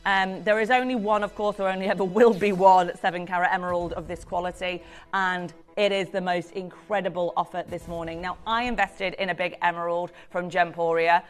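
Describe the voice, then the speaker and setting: A woman's voice: on the low side, steady tone, a little fast, soft background music. A woman presenting on a live shopping channel, selling jewellery with gushing, effusive patter.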